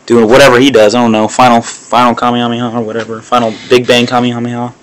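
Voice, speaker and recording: A man's voice: medium pitch, level tone, fast talker, a little hiss or hum. A man crudely commenting to himself, with plenty of swearing, while playing a mobile game. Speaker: gamer.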